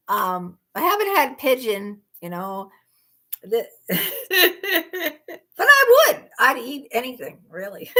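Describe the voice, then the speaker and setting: A woman hosts a loose livestream chat, talking to her viewers in a rambling way. Her voice sits a little high and bright and swings widely in pitch. She breaks into indignant, disbelieving exclamations. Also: slightly rough. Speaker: livestream host. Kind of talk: casual live chat.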